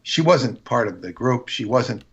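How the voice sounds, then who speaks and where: Man, husky and muffled, rambling storyteller with lots of restarts, casual livestream guest. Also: medium pitch, animated, unhurried. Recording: dull lo-fi stream audio.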